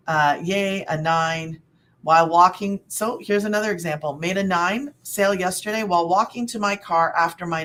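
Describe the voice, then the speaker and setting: A woman's voice: on the low side, a bit bright, a little hiss or hum. A middle-aged woman coaching viewers on side hustles in a rambling, upbeat webinar chat. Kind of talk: casual webinar talk.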